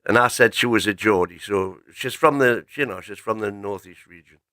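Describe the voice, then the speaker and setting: A man's voice: lowish voice, moderate pace, pushed and bright, no echo. A man co-hosting casual football talk, dropping dry, wry remarks. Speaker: co-host.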